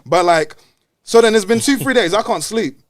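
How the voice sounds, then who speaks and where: A man telling a story in casual podcast chat, animated and full of slang and swearing. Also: high-pitched, moderate pace.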